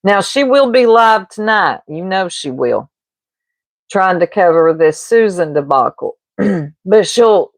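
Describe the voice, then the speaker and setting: Slow-talking gossipy woman streamer. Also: on the low side, no echo. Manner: gossipy, rambling, laughs often. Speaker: livestreamer. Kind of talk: casual livestream chat. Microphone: streaming mic.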